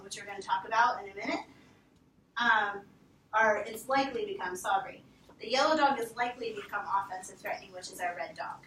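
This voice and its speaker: Animated woman teaching in an echoey room. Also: fairly high pitch, a little hiss or hum. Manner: animated, acts out dogs' thoughts in quotes. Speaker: veterinary behavior instructor. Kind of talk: training talk to volunteers. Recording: roomy, from far off, faint ambience.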